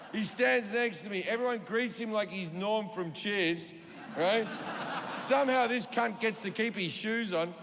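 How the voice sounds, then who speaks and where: An Australian man on a comedy stage, telling a rambling, profane story to a live audience and acting out the quotes. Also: high voice. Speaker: stand-up comedian. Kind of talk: stand-up storytelling. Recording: reverberant live venue with audience noise.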